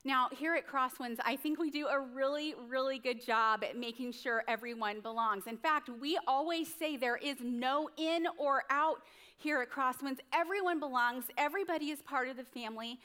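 A woman's voice: high-pitched, normal speed, pushed and bright. A woman pastor preaching a sermon in a conversational, storytelling way, often checking in with the congregation. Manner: conversational, storytelling, frequent tag questions.

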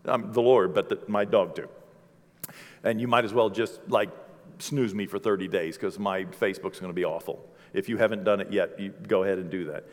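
A middle-aged male pastor preaching a sermon with animated, humorous storytelling. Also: fairly low pitch, fairly quick. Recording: long hall reverb.

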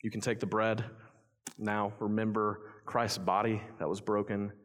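A young man preaching a sermon as pastor, telling a story in quick run-on clauses, then turning quiet and earnest to lead communion. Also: on the low side, level tone. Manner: quiet, earnest near-whisper leading communion. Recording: long hall reverb.

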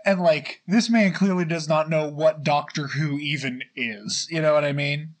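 A man's voice: on the high side, normal speed, rough recording. A young man co-hosting a podcast, rambling through a story in casual chat with lots of filler words. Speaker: podcast co-host.

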